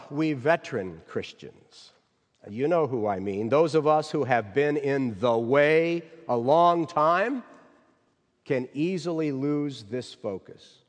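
A man serving as a chaplain gives a devotional sermon in a slow, measured, earnest way. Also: mid-range voice, in a large hall.

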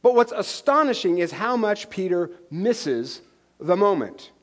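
A man with a high, light voice preaches a sermon. He keeps it conversational and playful, teasing and checking in with his listeners as he goes. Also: unhurried. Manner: lively, joking, conversational preaching with frequent "right?". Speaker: pastor.

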